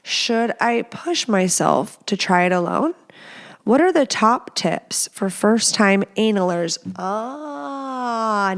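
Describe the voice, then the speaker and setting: A woman's voice: fairly high pitch, animated, takes it slowly. A young woman hosting a podcast, giving casual advice in a chatty, playful way with many fillers. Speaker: podcast host.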